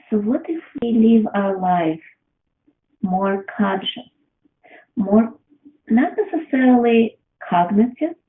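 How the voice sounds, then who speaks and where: A woman giving a reflective motivational talk, posing question after question to the listener. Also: on the high side. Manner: asks many rhetorical questions. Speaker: self-help speaker. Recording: tinny phone-like line in an echoey room.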